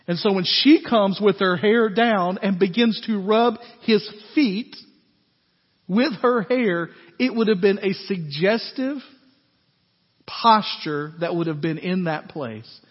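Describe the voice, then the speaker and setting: A man preaching a sermon as pastor in a conversational, animated way, with frequent asides to his congregation. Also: high-pitched, takes it slowly. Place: church sanctuary. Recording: echoey hall, dull lo-fi sound.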